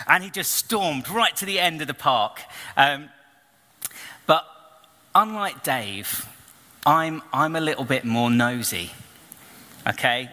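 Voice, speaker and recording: Male preacher, bright forceful voice, animated storyteller, reverberant church hall. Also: fairly high pitch, a little slow. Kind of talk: storytelling sermon.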